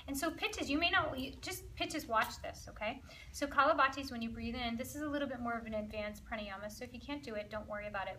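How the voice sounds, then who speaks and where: A woman leading an ayurveda workshop, guiding slow breathing softly, then chatting in a lively, laughing way with her group. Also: fairly high pitch, a little hiss or hum. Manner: soft and slow during breathing guidance. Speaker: yoga and ayurveda workshop leader. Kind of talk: guided breathing instruction. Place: workshop room with participants.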